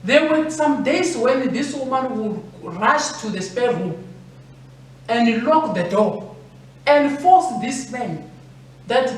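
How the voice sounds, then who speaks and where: A woman's voice: fairly high pitch, expressive, slow pace. A woman preaches a sermon with earnest, repetitive emphasis. She sounds distant from the mic, her voice ringing around a very echoey hall. A faint noise sits beneath her. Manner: earnest, repeating phrases for emphasis. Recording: echoey room from far off.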